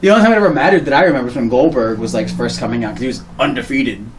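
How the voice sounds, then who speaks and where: A podcast co-host chats in a casual, slangy, animated way, acting out little voices and laughing often as he tells stories. His mid-range voice races along, with a little hiss or hum in the recording.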